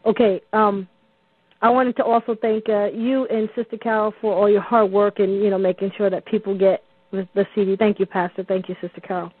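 Calling into a radio show, a woman tells a chatty story peppered with ums and false starts. Her mid-range voice is fairly quick with little pitch movement, and the phone audio is dry and tinny.

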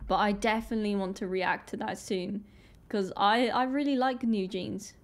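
A young British woman with a British accent, hosting a casual reaction vlog, chatty and excitable with many "like" fillers. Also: mid-range voice, normal speed. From Britain. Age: young adult. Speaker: reaction video host. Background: faint music video playing.

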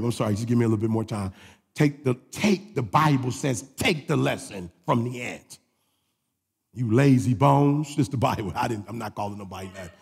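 A pastor delivers a sermon in a gravelly, husky, mid-range voice, swinging between shouted preaching and quiet asides. A long hall reverb trails his words.

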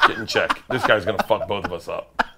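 A man, a comedian guest, telling animated profane stories and acting out the other people's voices. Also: low-pitched, creaky, noisy background. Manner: lively, profane, acts out voices. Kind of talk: animated storytelling.

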